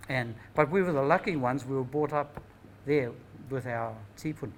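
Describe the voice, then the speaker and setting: A man's voice: mid-range voice, normal speed, a little hiss or hum, low-quality recording. An older man with a New Zealand accent, telling family stories in a rambling, reflective way at a gathering and often tagging his thoughts with "eh?". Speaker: speaker at a Māori knowledge gathering. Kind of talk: anecdotal storytelling talk.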